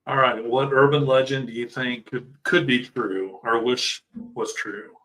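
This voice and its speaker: A man's voice: mid-range voice, steady tone, measured pace, a bit bright, poor audio. A man co-hosting a casual podcast chat, mostly asking the others questions.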